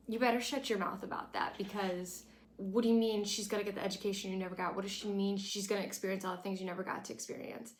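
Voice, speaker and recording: A woman's voice: mid-range voice, sing-song, fast, slight background noise. A young woman giving a casual, sarcastic and opinionated recap, blunt and outspoken in tone. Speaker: recap vlogger. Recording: echoey room.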